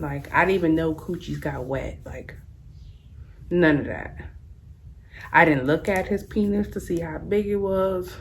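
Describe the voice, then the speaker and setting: Low-voiced young woman telling a frank story. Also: a little slow, pauses often, slight background noise. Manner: frank, candid and slangy; casual rambling with many "like" fillers. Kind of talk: storytime vlog.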